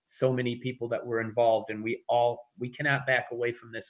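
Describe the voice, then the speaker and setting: A man, a school teacher, giving halting, heartfelt remarks at a township meeting, often restarting and searching for words. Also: mid-range voice, little pitch movement, muffled recording. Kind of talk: emotional public remarks at a meeting. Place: meeting room.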